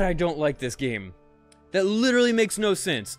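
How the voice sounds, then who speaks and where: A man's voice: high-pitched, sing-song, moderate pace, faint music behind. A young man streaming a space game, talking to chat and muttering in frustration, swearing often. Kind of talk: casual live-stream commentary.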